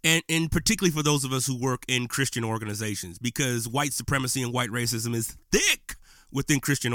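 A man hosting his podcast, speaking straight to listeners in a loose, slangy and impassioned way. His voice is bright and forward. The mic is close and the sound is dry, with no room echo. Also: medium pitch. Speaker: podcast host. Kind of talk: casual podcast monologue. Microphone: podcast microphone.

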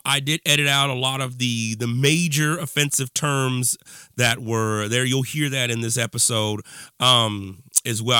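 A man talking straight into a close podcast mic, passionate and ranting but conversational, stumbling and restarting as he goes. His voice is bright and forceful in the middle range. The sound is dry, with no room around it. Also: mid-range voice, dry recording. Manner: impassioned, ranting, conversational with fillers. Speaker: podcast host. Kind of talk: monologue podcast intro.

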